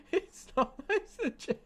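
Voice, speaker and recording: A man's voice: very high voice, a bit bright. A man commenting casually on his live game stream, chatty and swearing freely as he talks to his chat.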